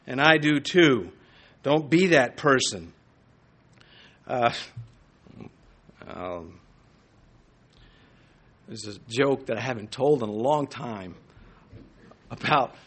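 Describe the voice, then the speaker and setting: Animated preaching man, high and lively. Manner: animated preaching with jokes and asides. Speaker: pastor. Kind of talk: sermon.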